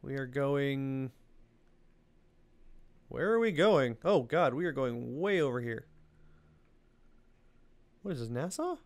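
A man's voice: fairly high pitch, sing-song, measured pace, long pauses. A young man giving casual let's-play commentary, rambling and mocking himself as he goes. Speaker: gaming video host.

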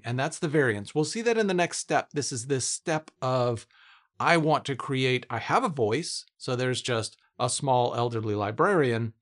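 Enthusiastic man thinking aloud on screen. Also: medium pitch. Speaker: tech YouTuber testing AI coding tools. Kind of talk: casual screen-recorded commentary.

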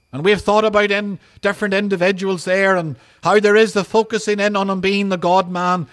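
A male pastor, preaching an earnest sermon and slowing down to stress each scripture quote. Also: sits high, fairly bright tone. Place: outdoor drive-in church service.

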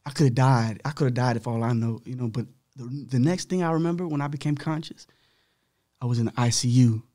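Podcast guest, young man, slightly rough voice, animated casual storytelling that acts out the dialogue. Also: mid-range voice, brisk.

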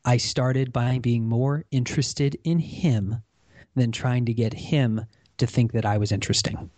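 A man guesting on a podcast, telling stories in an animated way. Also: mid-range voice, measured pace, no room sound. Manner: animated storyteller. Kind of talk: storytelling in an interview.

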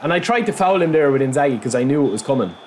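A medium-pitched man talks very fast, with a little hiss or hum in the recording, as he casually commentates his own football video game let's-play. Excitable and chatty with viewers, he yelps and shouts whenever goals or big moments land.

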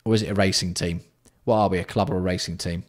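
A man hosting a casual livestream, bantering with chat and swearing freely while keeping his voice fairly hushed. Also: sits low, fairly even intonation, fast. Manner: banter-filled, sweary, reads out and answers chat. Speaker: livestream host.

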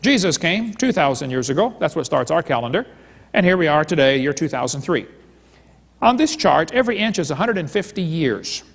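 A man with a somewhat high voice lectures at a live seminar, mixing jokes with stories that he acts out as dialogues. His voice rings with the long reverb of a large hall. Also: big pitch swings, fairly quick, gravelly. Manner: joking storyteller, retelling dialogues. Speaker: creationist seminar speaker.

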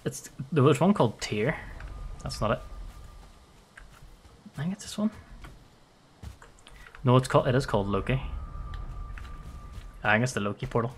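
A man streaming a game with playful, excitable commentary and frequent laughter. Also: medium pitch, moderate pace, long pauses, slight background noise. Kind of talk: live gameplay commentary.

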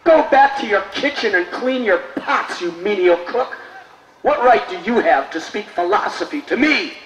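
A man voicing a proud male orator who shouts indignantly and scornfully, much higher and louder than his own voice. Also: expressive, moderate pace. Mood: outraged. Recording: roomy space with faint noise.

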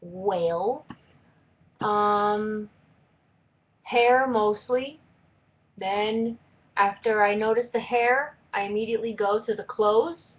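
A young woman talks casually to her camera in a middle-pitched voice, rambling through a list of questions with plenty of fillers. The audio is a bit dull and lo-fi, like a home video recording. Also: slow pace, pauses often. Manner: chatty and rambling, with frequent fillers. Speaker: vlogger. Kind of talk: casual tag video chat.

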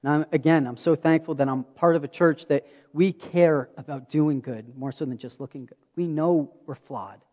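A man's voice: a little high, normal speed, hardly any pauses. A pastor in his thirties preaching a sermon, telling stories earnestly and acting out dialogue. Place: church sanctuary. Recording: dull audio with long hall reverb.

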